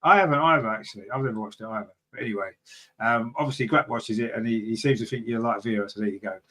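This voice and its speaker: A fast-talking man runs a fan podcast, rambling casually and reading out comments from viewers. He leans on lots of fillers, and his voice jumps up in pitch in sudden bursts of excitement.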